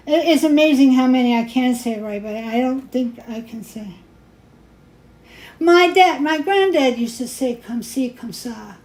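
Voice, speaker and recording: A woman's voice: high-pitched, measured pace, darkish tone. A woman hosting a jewelry-making show, chatting in a rambling way and laughing at her own mispronunciations. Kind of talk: casual chat while crafting. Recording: echoey room with faint noise.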